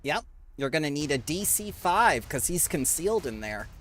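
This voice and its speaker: A game master running a tabletop session, briskly explaining rules and rolls. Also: medium pitch, sing-song, a bit bright. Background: faint fantasy background music.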